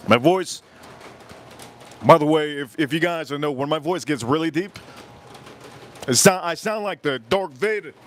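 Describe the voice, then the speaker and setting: A man with a slightly high voice hosts a live stream from an outdoor grill. He rambles and jokes, now and then breaking into loud shouted asides. There is a faint hum of outdoor ambience behind him. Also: moderate pace, long pauses. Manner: jokey, rambling, bursts into shouted bits. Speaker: livestream cooking host.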